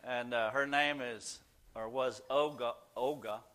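A man's voice: mid-range voice, fairly even intonation, a little slow, a bit bright, smooth. An older man, a Christian counselor, telling folksy, self-deprecating stories to a small group in a casual way, with many "uh" fillers. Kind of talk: casual storytelling talk.

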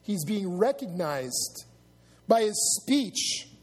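Pastor guy with a high raspy voice, chatty sermon, big echoey church hall. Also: sing-song, extremely slow. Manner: conversational preaching with asides to the congregation. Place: church sanctuary.

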